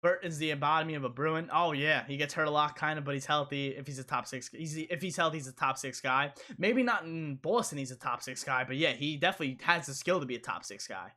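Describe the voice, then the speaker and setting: Bright-voiced young man streaming hockey talk. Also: on the high side, fast talker, hardly any pauses. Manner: rambling, repeats himself, reads chat aloud. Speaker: live stream host. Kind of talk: casual live commentary.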